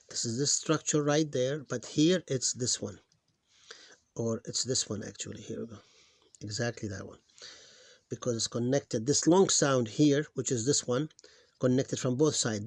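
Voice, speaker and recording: A man teaching Arabic phonics in a recorded lesson. He talks slowly and patiently and calls out syllables loudly, one at a time. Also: mid-range voice, no room sound. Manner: slow and patient, sounding out syllables loudly and stressing each one.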